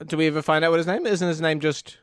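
A man co-hosting a casual podcast, making dry, deadpan remarks. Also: on the high side, very fast, clear, resonant tone, dry recording. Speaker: podcast co-host. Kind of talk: casual chat.

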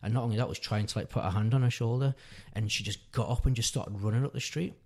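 Speaking fast in a medium-pitched, slightly mellow voice, this thirtyish father rambles through a long personal story as a podcast guest. He keeps correcting himself, and his casual chat comes across as earnest.

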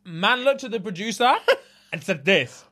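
A man, co-hosting a casual podcast and telling a story in an animated way, full of slang and laughter. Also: sits high, a little slow. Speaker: podcast co-host. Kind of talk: casual chat.

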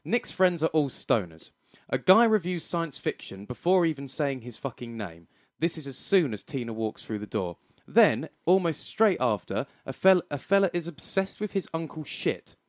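A man co-hosts a casual film review chat, his voice swinging lively up and down as he jokes and swears. He laughs often mid-sentence. The sound is dry and close, with no room around it. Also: fairly high pitch, moderate pace, hardly any pauses, dry recording. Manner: animated, laughing, sweary banter. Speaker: podcast co-host.

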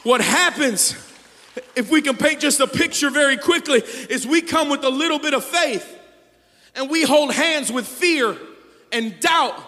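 A man preaching a sermon as pastor, moving between quiet, intimate passages and loud, shouted climaxes. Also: very high voice, a little slow. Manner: swings from hushed to shouted preaching. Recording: long hall reverb.

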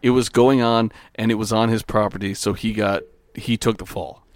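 A man's voice: on the low side, steady tone, normal speed, no echo, clean studio sound. A young man co-hosting a casual podcast in a friend's house, rambling and swearing with frequent restarts while sharing one microphone. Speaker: podcast co-host. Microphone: shared microphone.

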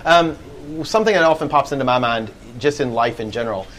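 Goofy and laughing, this podcast co-host tells a story during a casual live show at an event venue. He speaks quickly at a medium pitch with a somewhat bright tone, over slight background noise and poor audio.

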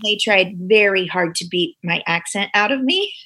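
Bright-voiced woman with a light Missouri accent. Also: medium pitch, normal speed. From Springfield, Missouri. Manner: laughs often, animated storytelling. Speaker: guest actress. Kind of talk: casual chat. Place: recording studio. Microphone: studio microphone.

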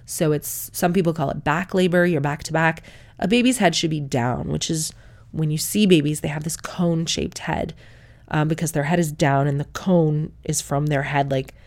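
A woman's voice: sits low, gravelly, darkish tone. A woman telling her birth story to camera. She talks frankly, swears and laughs often.

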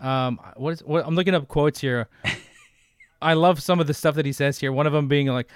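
A man in his thirties co-hosting a casual podcast, animated and jokey, trading movie quotes and impressions. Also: a little high, brisk, clear, resonant tone, no room sound. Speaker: podcast co-host.

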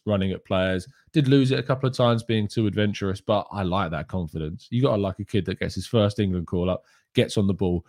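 Quiet-spoken low-voiced football podcast host. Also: male voice, no echo, studio quality. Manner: talking in a low, subdued register so as not to wake housemates; casual, with frequent fillers. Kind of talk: live-stream chat about football, reading viewer questions. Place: home.

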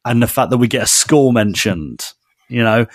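A man co-hosting a podcast in casual chat, chatty and quick to laugh, calling people "mate". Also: medium pitch, lively intonation, no echo, studio quality. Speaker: podcast co-host.

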